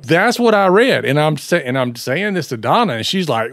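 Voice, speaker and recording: A man co-hosting a podcast in casual chat, animated and acting out what people said. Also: fairly high pitch, brisk, few pauses, crowd noise. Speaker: podcast co-host.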